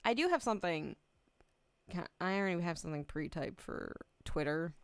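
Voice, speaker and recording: A woman's voice: on the low side, animated, moderate pace, clean tone, no echo. A woman streamer chatting casually on a livestream, emotional and close to tears, laughing often and swearing freely. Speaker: VTuber streamer.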